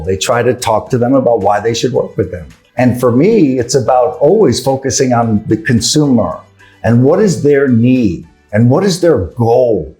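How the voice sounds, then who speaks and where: Brisk New York sales coach, man. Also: medium pitch, dark tone. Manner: brisk, earnest, asks rhetorical questions. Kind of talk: sales training talk.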